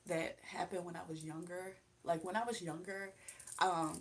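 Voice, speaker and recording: Tired, chatty young woman with a low voice. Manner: chatty and rambling, addresses viewers directly. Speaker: livestream host. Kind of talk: casual chat. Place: indoors at home.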